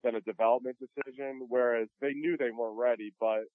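A man's voice: medium pitch, steady tone, fairly quick, no echo. A man calling in as a game developer guest, talking in an earnest, businesslike way with many restarts. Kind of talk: casual phone interview. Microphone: phone. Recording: dry tinny phone line.

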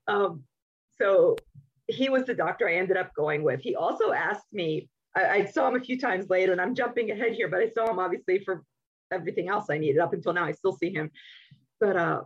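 Woman, husky voice, candid conversational storytelling, muffled lo-fi sound. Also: lowish voice, brisk. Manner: candid, animated, with many self-interruptions. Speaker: podcast guest.

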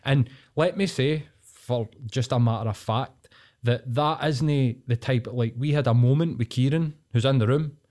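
A man's voice: mid-range voice, moderate pace, darkish tone. A man hosting a podcast, talking bluntly and swearing a lot as he rants in casual chat. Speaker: podcast host.

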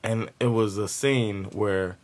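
A man hosting a podcast, telling an animated story in casual chat and laughing at his own punchlines. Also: lowish voice, takes it slowly, no echo.

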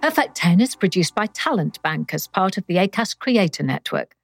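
A woman's voice: mid-range voice, moderate pace, soft background music. A woman hosting a quiz podcast, playful and emphatic in a scripted read. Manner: playful, emphatic, lively delivery. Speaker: quiz host.

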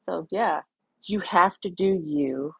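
A woman with a deep, low voice co-hosts a podcast and talks softly and sincerely about what matters to her. The sound is close and dry, with no echo. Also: takes it slowly, vocal fry, husky. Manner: soft-spoken, heartfelt. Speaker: podcast co-host. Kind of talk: casual podcast chat.

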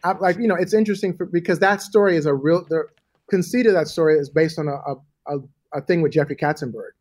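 Animated, profane storytelling man. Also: a little high, fast. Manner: animated, profane, acts out voices in anecdotes. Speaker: guest. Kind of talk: storytelling in a casual interview.

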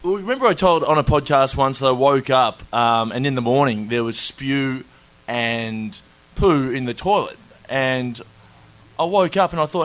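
A man's voice: mid-range voice, moderate pace, fairly bright tone. A man with an Australian accent, telling a long funny story in casual chat, often laughing at his own tale. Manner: laid-back, laughing, self-mocking anecdotes. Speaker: comedian guest telling a story.

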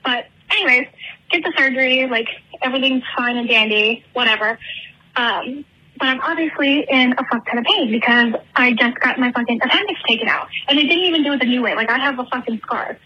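A woman from San Francisco calling in to a show, telling a story in an animated, rambling way and swearing constantly over a muffled phone line. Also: high voice, fairly quick, breathy edge. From San Francisco, USA. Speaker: caller leaving a voice message. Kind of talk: casual profane storytelling.

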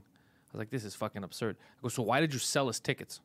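A man hosts a casual comedy podcast, recounting his mishaps with plenty of swearing and laughter. His voice sits at a medium pitch and is recorded close and dry, with no room sound. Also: lively intonation, rapid-fire, no echo. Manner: profane, exasperated storytelling with frequent laughs. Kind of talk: casual chat, storytelling.

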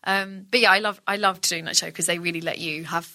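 Fast-talking bright comedy actress. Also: female voice, on the low side, no room sound, studio quality. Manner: animated storyteller who slips into voices. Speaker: comedy actress and impressionist guest. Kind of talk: casual chat.

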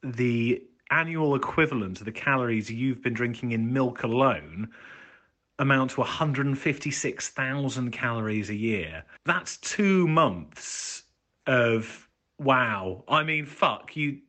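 A man's voice: medium pitch, unhurried, bright, forceful tone. A man talking casually and jokingly, blunt and a bit sweary. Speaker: podcast host. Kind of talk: casual chat.

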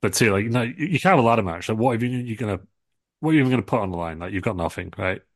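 A man's voice: fairly low pitch, lively intonation, very fast, no room sound, clean studio sound. A man doing a dismissive, muttering impression of a stern, exasperated wrestling boss. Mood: scornful.

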